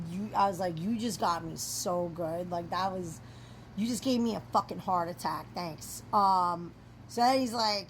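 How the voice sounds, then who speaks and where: A young woman telling a rambling, swear-filled storytime in a casual, animated way. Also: fairly low pitch, moderate pace, a little hiss or hum. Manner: chatty and rambling, swears freely, animated retelling. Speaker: storyteller vlogger.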